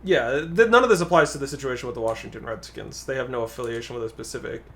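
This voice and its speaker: Man, guest co-player, casual game commentary, rambling, mid pitch. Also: fast talker, fairly bright tone. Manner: rambling, thinking aloud.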